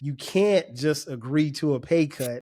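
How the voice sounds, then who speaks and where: Laid-back man, somewhat high voice. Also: a little slow, dark tone. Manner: laid-back, affirming, repeats words. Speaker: podcast host. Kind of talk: casual podcast conversation.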